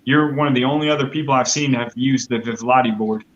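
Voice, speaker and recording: A man's voice: medium pitch, fast talker, fairly bright tone, muffled recording. A man chatting as a guest beekeeper on a live call, eager and stammering with restarts. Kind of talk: casual chat.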